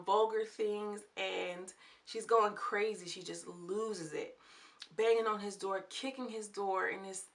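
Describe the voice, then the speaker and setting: A woman giving a lively, chatty recap of a TV episode, full of exclamations and slang. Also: medium pitch. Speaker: TV show reviewer. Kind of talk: casual recap and commentary.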